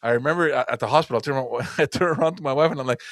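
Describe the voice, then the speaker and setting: A man's voice: mid-range voice, rapid-fire, dry recording, clean studio sound. A man co-hosting a podcast who tells a parenting anecdote casually and laughs along. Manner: laughs through his own stories. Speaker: podcast co-host.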